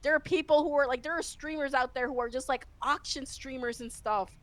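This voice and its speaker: A woman's voice: sits high, brisk, hardly any pauses, poor audio. Woman guest rambling in casual chat, keeps restarting, lots of laughing. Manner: excitable, laughs often, rambling with many restarts. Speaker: interview guest, VTuber.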